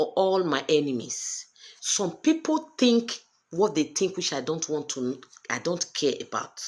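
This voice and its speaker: A Nigerian woman in her thirties talking straight to camera in a personal vlog, speaking in an emphatic, earnest way and repeating her points. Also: low-pitched. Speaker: vlogger sharing a personal story.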